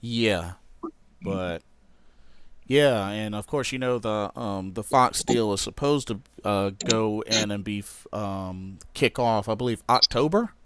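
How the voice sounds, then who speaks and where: A man's voice: lowish voice, takes it slowly, fairly bright tone, clear, resonant tone. Hesitant man co-hosting a podcast. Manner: agreeable, hesitant, many fillers. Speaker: podcast co-host. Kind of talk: casual wrestling podcast chat.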